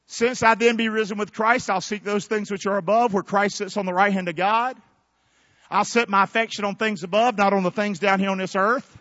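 A man preaching a fervent sermon in a church, shouting call-and-response lines to the congregation. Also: high voice, steady tone, fairly quick, no room sound, highs cut off. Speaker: pastor. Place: church sanctuary.

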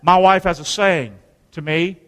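A male pastor preaching a sermon, lively and conversational, with call-and-response and joking asides. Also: sits high, a little slow. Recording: long hall reverb.

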